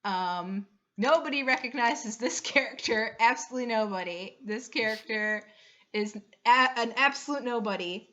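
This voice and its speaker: A woman's voice: on the high side, normal speed, sharp tone. A woman running a tabletop game as game master, chatty and giggly, explaining the rules step by step. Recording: dull lo-fi recording.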